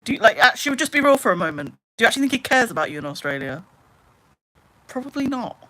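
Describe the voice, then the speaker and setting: Young female streamer, bright forceful voice, exasperated ranting, casual chat with viewers. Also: fairly high pitch, big pitch swings, fast talker. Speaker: live streamer.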